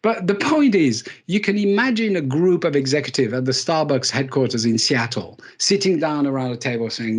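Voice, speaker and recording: Male keynote speaker, slightly higher register, animated storyteller with dry self-mocking jokes. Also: moderate pace, hardly any pauses. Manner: lively storytelling, self-deprecating humour, repeats words for emphasis. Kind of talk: live leadership talk.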